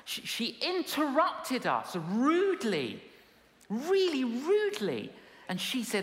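A woman's voice: a little high, very animated, normal speed, a little hiss or hum. A woman preaching a sermon in a large hall, emphatic and humorous, with repetition and punchlines. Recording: echoey hall with long reverb.

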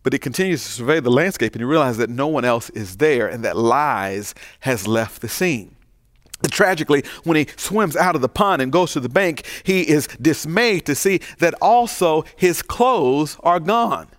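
A man's voice: on the high side, moderate pace, no room sound, studio quality. Folksy storytelling male preacher. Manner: folksy, animated storyteller building to emphatic preaching. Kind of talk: sermon storytelling.

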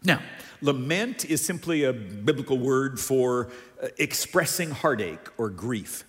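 A man preaching a sermon as a pastor, animated, moving between soft asides and emphatic lines. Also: medium pitch, unhurried, in a large hall.

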